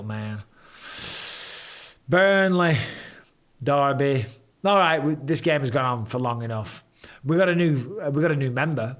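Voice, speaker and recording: A man with a slightly high voice hosts a casual live stream from home. He talks easily and reads out viewer comments with light banter.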